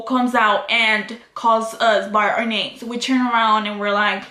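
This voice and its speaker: A woman's voice: fairly high pitch, fairly even intonation, unhurried, hardly any pauses, bright, forceful tone. A woman vlogger telling a casual story, swearing constantly and switching into Spanish. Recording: echoey room.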